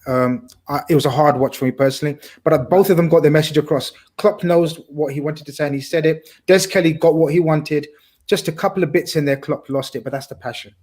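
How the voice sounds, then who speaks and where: A man's voice: a little high, fairly even intonation, quick pace, darkish tone. A man talking football on a casual podcast, talkative and blunt, swearing casually. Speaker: podcast co-host.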